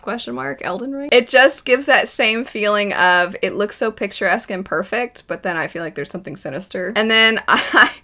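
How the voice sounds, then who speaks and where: A young woman talks through her first impressions in a bright, clear voice. She is chatty and enthusiastic and laughs often as she goes. Her pitch sits in an ordinary middle range for a woman. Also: moderate pace, few pauses. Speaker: anime reaction vlogger. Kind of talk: casual first-impressions commentary.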